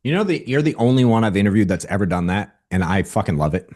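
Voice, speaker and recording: A man's voice: on the low side, expressive, fast talker, darkish tone. A man hosting a podcast interview, blunt and profane, with slangy, casual talk. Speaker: podcast host, sales coach.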